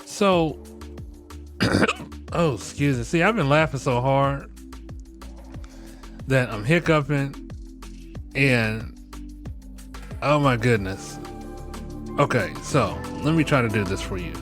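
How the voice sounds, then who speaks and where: A man's voice: mid-range voice, lively intonation, slow, pauses often, a bit bright, faint music behind. A middle-aged man hosting a podcast, joking and ranting with profanity, often breaking into laughter. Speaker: podcast host. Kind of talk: casual podcast commentary.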